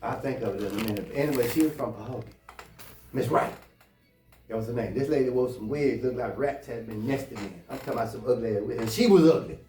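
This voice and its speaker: A man spins a personal story in a blunt, profane, heated way, his voice sitting at a middle pitch. He sounds set back from the mic in a roomy space. Faint music plays behind him. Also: fast, dark tone, recorded from a distance. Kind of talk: casual anecdote telling.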